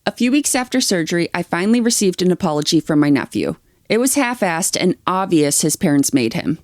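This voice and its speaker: Reading online posts aloud as a podcast co-host, a woman speaks fairly quickly in a fairly low, slightly mellow, very animated voice. Afterward she offers blunt, sweary opinions in casual chat, recorded dry without echo.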